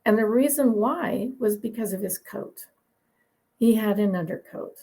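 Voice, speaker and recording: A woman's voice: mid-range voice, a little slow, creaky, dark tone, low-quality recording. A woman dog breeder being interviewed, telling long, opinionated stories in a chatty way and laughing now and then. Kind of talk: conversational interview storytelling.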